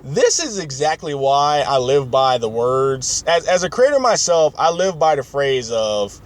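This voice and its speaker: A man's voice: medium pitch, very animated, measured pace. A man hosting a podcast in casual chat, rambling and opinionated with many fillers. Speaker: podcast host.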